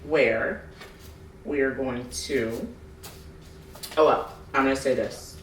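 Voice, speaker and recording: A woman hosting a podcast, telling stories in a lively way and acting out other people's voices with frequent laughter. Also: very deep voice, slow pace, slight background noise. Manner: animated storyteller acting out voices, laughing often. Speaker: podcast host. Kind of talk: casual podcast chat. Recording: roomy, distant mic.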